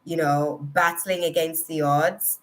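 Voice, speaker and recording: A woman's voice: deep voice, fairly even intonation, a little slow. A woman hosting a live tarot reading stream, chatting casually with viewers in an effusive, emotional, rambling way full of fillers. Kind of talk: casual livestream chat.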